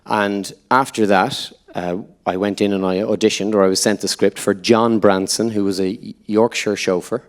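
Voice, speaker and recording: A man with an Irish accent, an actor guest at a live on-stage Q&A, telling stories with animated quotes. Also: on the low side, normal speed, hardly any pauses. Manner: lively anecdotal storyteller, quotes others in voices. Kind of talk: on-stage Q&A storytelling. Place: live event venue before an audience.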